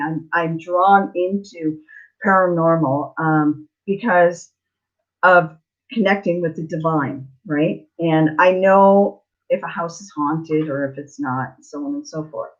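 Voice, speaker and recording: A middle-aged woman, a psychic tarot reader telling a story in a blunt, chatty, digressive way on a live Q&A stream. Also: lowish voice. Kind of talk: casual storytelling on a livestream. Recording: slightly dull lo-fi audio.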